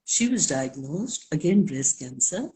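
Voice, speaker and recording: An older woman speaking as a guest in a live interview, slow and emphatic, leaning on key words. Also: low-pitched, big pitch swings, warm tone.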